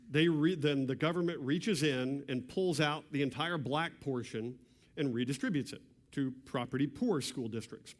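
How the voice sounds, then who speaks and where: A man giving an explanatory lecture with slides to an audience, halting, with frequent restarts and throat clearing. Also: fairly high pitch. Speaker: presenter at a church civics class. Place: meeting room with an audience. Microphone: microphone.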